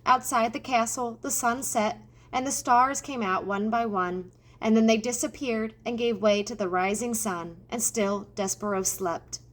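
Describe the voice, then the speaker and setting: A woman narrating a children's storybook aloud in an expressive way. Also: fairly high pitch, a little slow. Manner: expressive, addressing the reader. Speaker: audiobook reader.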